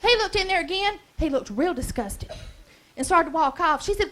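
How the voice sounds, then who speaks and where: A Southern-accented woman tells stories on a comedy club stage. Her voice sits very high and rings bright and forceful. She is folksy and brash, building to bawdy punchlines. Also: expressive, normal speed. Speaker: stand-up comedian. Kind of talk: stand-up comedy routine.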